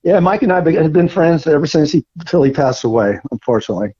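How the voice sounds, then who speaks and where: An older man from the Florida Gulf Coast, a surfer guest telling animated stories in an interview and acting out what others said. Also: on the high side, fast, breathy edge. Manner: animated storyteller, acts out quoted voices. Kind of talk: casual storytelling interview. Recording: dull lo-fi recording.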